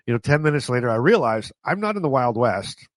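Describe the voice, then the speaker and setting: A man's voice: medium pitch, sing-song, quick pace, no echo. A man from Canada tells stories from his own life in a chatty, self-mocking way. He breaks into laughter often and trips over his words before starting again. His voice sits in a middle register and sounds close and dry, with no room around it. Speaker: vlogger. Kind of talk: casual storytelling to camera.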